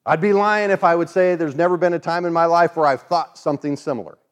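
A man's voice: on the high side, fast. A man preaching a sermon in a conversational way, acting out the voices of the people he quotes. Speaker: pastor.

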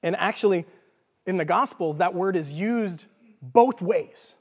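A Texan man with a fairly high voice delivers an informal teaching sermon in a church. He talks casually and jokes, and often stops to ask "okay?". His voice rings with the long echo of a large hall. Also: unhurried, slightly rough. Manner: informal, jokey, checks in with "okay?". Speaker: preacher.

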